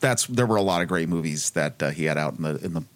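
A man hosting a casual comedy podcast, animated and halting with frequent ums as he runs a movie list game. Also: sits low. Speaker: podcast host. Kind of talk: casual chat.

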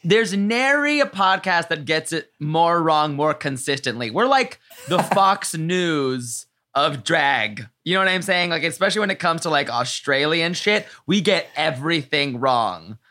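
A man's voice: a little high, lively intonation, measured pace, few pauses, sharp tone. A man with an American accent hosting a podcast, joking crudely and laughing often in casual chat. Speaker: podcast host.

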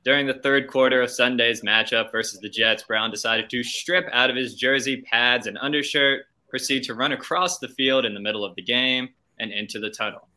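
A man presents a scripted news story as the show's intern and slips in wry, mocking remarks. His voice is very bright and sharp. His pitch sits in the middle of the usual range. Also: fairly even intonation, fairly quick, few pauses.

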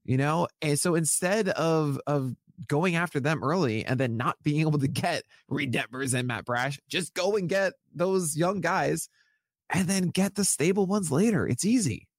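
A man's voice: on the high side, normal speed, no echo, studio quality. A man co-hosting a fantasy baseball podcast, talking in a casual, enthusiastic and jokey way.

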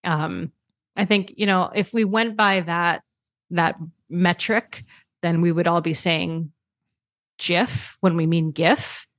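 A woman's voice: on the low side, fairly even intonation, a little slow, a bit bright, dry recording. A woman co-hosting a podcast in casual chat, chatty and self-deprecating, reading listener comments. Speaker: podcast co-host.

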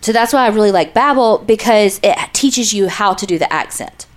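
A woman's voice: medium pitch, lively intonation, moderate pace. A woman with a Southern US accent, co-hosting a podcast and reading an ad in a playful, jokey way. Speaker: podcast co-host. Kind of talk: casual chat and ad read.

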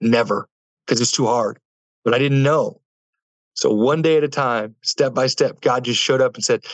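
A man's voice: mid-range voice, normal speed, no room sound. A young man in an interview, telling his life story earnestly with many fillers and restarts. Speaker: guest. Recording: dull lo-fi dry sound.

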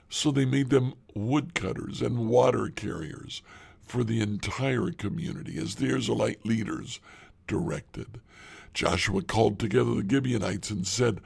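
A man reading a Bible passage aloud in a slow, measured way, sometimes dropping to a breathy near-whisper. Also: mid-range voice. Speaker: scripture reader.

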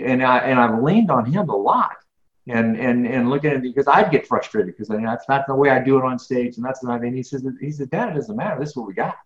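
A middle-aged man answering interview questions in an earnest, rambling way, often repeating his words. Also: medium pitch. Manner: earnest, rambling, repeats words, grows animated when ranting. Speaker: guest, business speaker. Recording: roomy, dull lo-fi sound.

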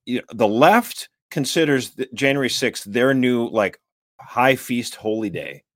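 A man's voice: mid-range voice, a little slow, dry recording. Guy ranting on a political podcast, emphatic, dry close mic. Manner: animated, emphatic, exasperated. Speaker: podcast host. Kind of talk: political talk show discussion.

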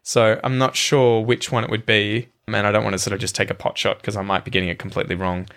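A man's voice: on the low side, little pitch movement, quick pace, a bit bright. A man in his thirties with an Australian accent, a guest chatting casually on a podcast, hedging and poking fun at himself. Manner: chatty, hedging and self-deprecating. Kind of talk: casual chat.

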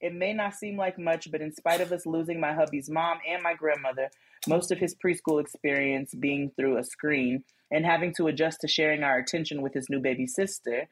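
A woman co-hosting a casual podcast, reading listener letters with lively, emphatic commentary. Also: low voice, fairly quick, slightly rough, rough recording. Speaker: podcast co-host.

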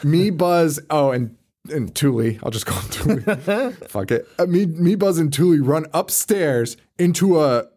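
A man's voice: a little high, lively intonation, a little slow, mellow. A man co-hosting a podcast in casual chat, rambling through a story with lots of swearing and frequent laughter. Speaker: podcast co-host.

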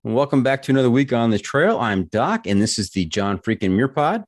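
A man's voice: mid-range voice, animated, brisk. A man hosting a casual podcast interview, easygoing and joking dryly with his guest. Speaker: podcast host.

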